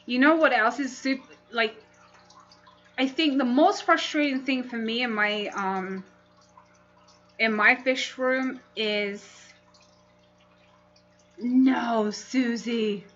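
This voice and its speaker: A woman chatting on a casual livestream at an unhurried pace, laughing easily as she reacts to her viewers. Her voice sits a little high. The audio is dull and lo-fi, with a faint hiss underneath. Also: a bit bright. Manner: chatty, laughs often, reads chat aloud. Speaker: livestream host.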